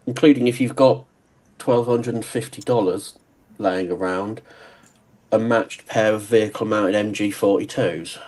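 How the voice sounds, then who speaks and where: A man's voice: lowish voice, steady tone, measured pace, a little mellow, low-quality recording. A British man in casual conversation on a live stream, with dry, wry humor. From Britain. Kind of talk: casual chat.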